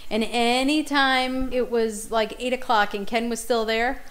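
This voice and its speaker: A woman's voice: a little high, fairly even intonation, unhurried, a bit bright, rough recording. A middle-aged woman co-hosting a podcast, telling family stories in casual chat and laughing often. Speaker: podcast co-host.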